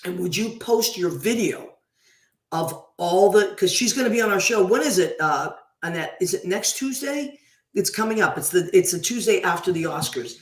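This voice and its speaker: A woman hosting a radio show, chatting casually and effusively as she gives listeners shout-outs. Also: on the low side, expressive, normal speed, reverberant.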